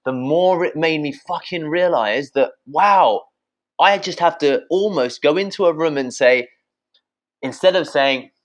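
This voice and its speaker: A British man, a podcast guest, giving blunt, energetic sales advice, swearing freely and addressing listeners as guys. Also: on the high side, measured pace, highs cut off.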